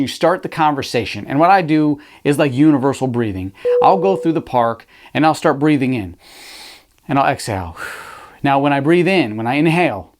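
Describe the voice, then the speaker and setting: Energetic man coaching his listeners. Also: medium pitch. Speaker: motivational speaker. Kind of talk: motivational talk. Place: live virtual event.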